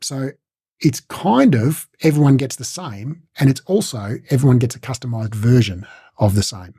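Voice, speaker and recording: A man's voice: mid-range voice, lively intonation, normal speed, mellow, breathy edge, no room sound, studio quality. A man teaching a casual recorded lesson, talking conversationally and acting out short coach and client exchanges. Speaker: instructor.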